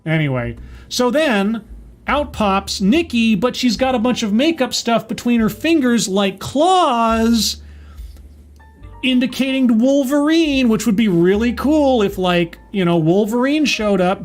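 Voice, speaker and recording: A man with a fairly high voice reviews a TV episode in a loose, chatty recap. His delivery is sarcastic and mocking. Faint music sits under the voice. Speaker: TV show reviewer.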